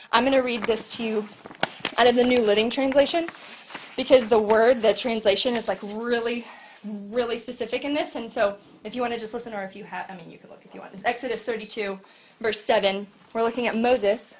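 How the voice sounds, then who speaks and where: A woman delivers a sermon with a slightly high voice. She tells Bible stories in a lively way and acts out the scenes as she goes. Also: a little fast, a little hiss or hum. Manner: animated storytelling, acting out Bible scenes. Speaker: preacher.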